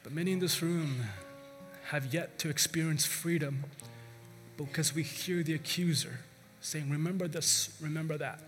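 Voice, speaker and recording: A man's voice: a little high, measured pace. A male pastor preaching a sermon in an earnest, emphatic way, weaving in a story. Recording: reverberant hall with faint music.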